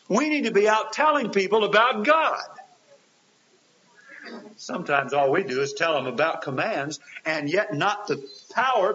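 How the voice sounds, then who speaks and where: This earnest sermon comes from a man whose high voice is pushed and bright. He questions his listeners rhetorically, his emphasis rising and falling, on a hissy, dull lo-fi recording.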